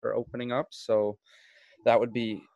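Hosting a podcast, a man from Florida chats in a relaxed, rambling way, full of fillers and restarts. His mid-range voice is creaky and moves at a moderate pace. The sound is dry and close, with no room tone.

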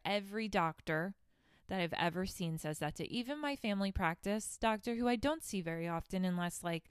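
A woman's voice: medium pitch, lively intonation, brisk, clear, resonant tone, dry recording, studio quality. A woman hosting a podcast and telling a story in a casual, blunt, profane way, with laughing asides into a handheld microphone. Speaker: podcast host. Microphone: handheld microphone held close.

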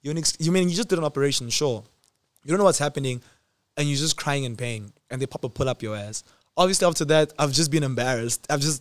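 A man in his twenties telling a personal story in a casual, slangy way, swinging between loud excitement and quiet reflection. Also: medium pitch, no room sound. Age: 20s.

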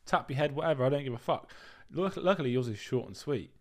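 Young male co-host, crude and sweary, blunt banter with a very animated delivery. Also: mid-range voice, quick pace. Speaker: podcast co-host. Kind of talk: casual chat.

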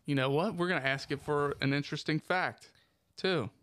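Podcast dude goofing around, smooth clear voice, dry close sound, laughs a lot. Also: male voice, on the high side, moderate pace, a bit bright, no echo. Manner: joking, laughs often, profane. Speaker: podcast co-host. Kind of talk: casual chat.

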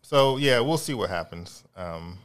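Easygoing low-voiced male co-host. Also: lively intonation, unhurried. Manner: easygoing, laughs often. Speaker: podcast co-host. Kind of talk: casual podcast banter.

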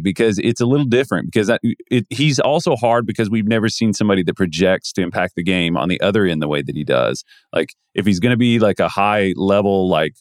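In a low-pitched voice, a man co-hosting a podcast rambles loosely about basketball and laughs readily. The sound is dry and studio-clean.

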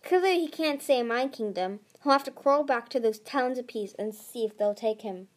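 A woman's voice: fairly high pitch, animated, normal speed, close to an everyday voice. A woman reading the part of a doting female sea dragon queen who speaks wistfully, with sighs. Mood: regal. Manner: sighing, wistful.

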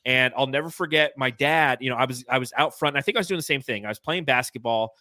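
Bright-voiced man telling rambling stories. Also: medium pitch, fast, no echo. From California. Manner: rambling, self-mocking anecdotes with many fillers. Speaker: podcast host. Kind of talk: casual storytelling chat.

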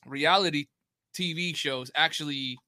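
A young man in relaxed podcast chat, his voice slightly high and bright with a forward edge. He rambles in loose, profane slang, and the sound is dry and close with no room around it. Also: unhurried, no room sound. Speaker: podcast co-host. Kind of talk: casual chat.

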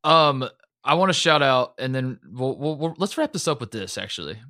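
A man co-hosting a casual sports podcast, chatty and quick to laugh, recapping plays eagerly. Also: medium pitch, expressive, sharp tone, no echo, studio quality. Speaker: podcast co-host.

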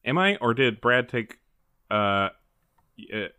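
A man's voice: mid-range voice, very animated, slow pace, sharp tone, clean tone, no echo. A man player on a tabletop game podcast, hesitant with stammered restarts and wry remarks. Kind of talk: casual podcast chat.

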